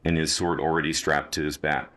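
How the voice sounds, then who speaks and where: A man with a remarkably deep, low voice reads fan-fiction narration. His delivery is plain and measured, with no acting. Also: level tone, a bit bright.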